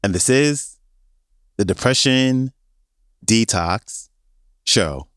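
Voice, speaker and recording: A male podcast host reading a measured, clearly announced show introduction. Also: on the low side, lively intonation, fairly bright tone, no echo, clean studio sound.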